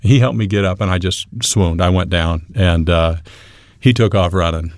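Man, lowish voice, earnest halting storyteller, dry sound. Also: darkish tone, no echo. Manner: earnest, halting, with light humor. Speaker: guest telling his story. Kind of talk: personal testimony storytelling.

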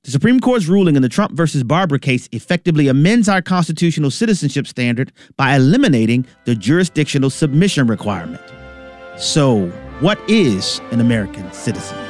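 A man's voice: medium pitch, sing-song, a little mellow, faint music behind. A man giving a scripted, emphatic radio commentary. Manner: emphatic, measured delivery.

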